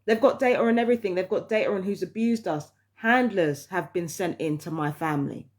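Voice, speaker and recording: A woman's voice: mid-range voice, a little fast. A woman, ranting heatedly and with lots of swearing in a casual vlog monologue. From London, England. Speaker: vlogger.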